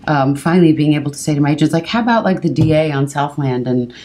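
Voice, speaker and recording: A middle-aged woman, a guest actor, chatting casually and telling stories with quick asides. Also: low voice, dark tone. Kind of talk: casual chat.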